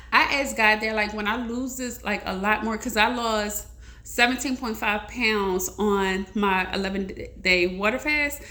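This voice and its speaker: A woman's voice: on the high side, sharp tone. A woman, sharing a heartfelt personal testimony in a rambling, casual vlog chat to her viewers. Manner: emotional, rambling, talks straight to viewers.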